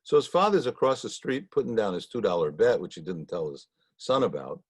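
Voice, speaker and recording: A man leading a Torah study, telling stories in a folksy, conversational way with frequent pauses. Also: fairly low pitch, sing-song, husky, no room sound. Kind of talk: storytelling talk.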